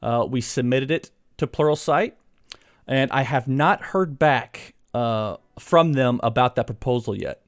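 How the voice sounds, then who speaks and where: A man's voice: medium pitch, a little slow. Chatty man hosting a casual live stream. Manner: chatty, laughs often, self-deprecating. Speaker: live streamer and course author. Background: faint background music.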